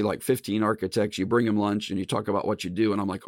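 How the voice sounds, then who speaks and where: A man's voice: lowish voice, fairly even intonation, quick pace, few pauses, darkish tone, no room sound, clean studio sound. A middle-aged man hosting a podcast, telling work stories in a folksy, casual way and calling his listeners "folks.". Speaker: podcast host. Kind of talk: casual storytelling monologue.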